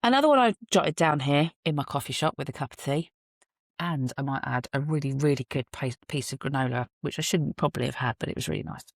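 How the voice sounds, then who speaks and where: A woman's voice: deep voice, fairly quick, dry recording, clean studio sound. A woman hosting her own podcast, talking through her thoughts in an earnest, musing way with self-deprecating asides, recorded on a phone in a car. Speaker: podcast host. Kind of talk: reflective solo monologue. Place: parked car.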